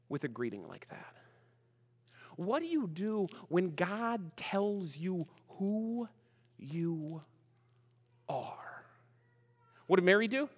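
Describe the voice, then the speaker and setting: A man's voice: fairly high pitch, sing-song, slow, long pauses. A man preaching a sermon as pastor, chatty and full of questions to the congregation, greeting online viewers by name. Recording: long reverb of a large room.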